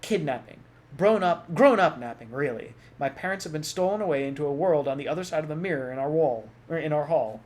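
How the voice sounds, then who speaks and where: A man's voice: on the high side, lively intonation, brisk, hardly any pauses, a little mellow, pitched above the performer's own voice, natural voice. A man reading aloud and voicing a determined young girl who tries hard to sound grown-up. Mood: urgent. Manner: earnest, trying to sound grown-up.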